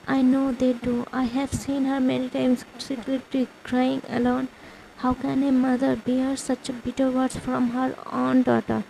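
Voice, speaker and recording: High-voiced woman narrating fan fiction. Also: flat delivery, a little slow, gravelly, warm tone, a little hiss or hum, rough recording. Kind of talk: fan fiction story reading.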